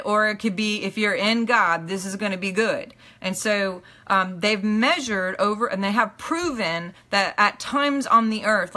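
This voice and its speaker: A woman teaching a live online class in an earnest, emphatic way, often checking in with her listeners and letting phrases drop low and soft at the end. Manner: earnest, emphatic, repeats "okay?" to the audience. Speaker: teacher and minister. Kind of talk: live-streamed motivational teaching.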